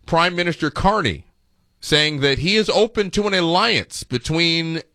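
A man's voice: a little high, a little slow, bright, forceful tone, dry recording, studio quality. A male radio host giving sarcastic, mocking running commentary over played clips. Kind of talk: comedic talk radio commentary.

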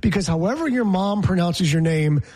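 Husky-voiced opinionated sports talk man. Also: high-pitched, animated, normal speed, darkish tone. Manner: opinionated, quizzes his co-host. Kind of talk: casual sports radio chat.

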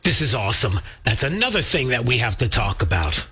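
A man's voice: medium pitch, sing-song, fairly quick, sharp tone, slightly rough. A man hosting a political talk radio show, emphatic and fired up, speaking straight to his co-host and his listeners. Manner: fired-up, emphatic, addresses co-host and audience directly. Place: radio studio.

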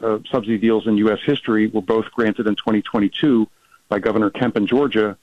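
A man, a policy researcher, talking fast as a guest in a radio interview, with many restarts and fillers. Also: fairly low pitch, dry recording, dull audio.

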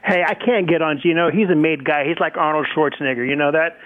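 Bitter trash-talking caller on a phone line. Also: male voice, on the high side, quick pace. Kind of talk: sports radio call-in.

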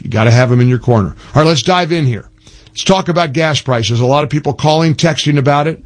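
A man in his sixties hosting a political talk radio show, emphatic, spelling things out slowly and restarting his sentences. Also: medium pitch. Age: 60s.

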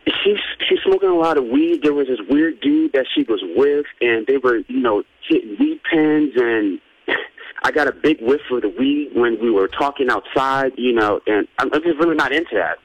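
A man's voice: medium pitch, lively intonation, no echo. Hesitant man on a phone line. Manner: hesitant, halting. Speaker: phone caller. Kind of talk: casual phone chat.

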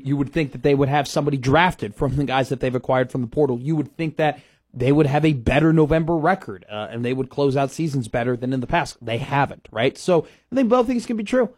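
A man's voice: fairly high pitch, husky, no room sound. A man hosting a sports radio show, talking casually and emphatically, repeating his points.

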